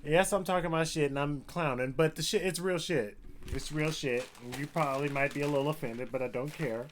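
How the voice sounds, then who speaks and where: In Seattle, Washington, a man vlogs a heated, profane rant of commentary in a conversational tone. His voice is on the high side and brisk, with slight background noise behind it.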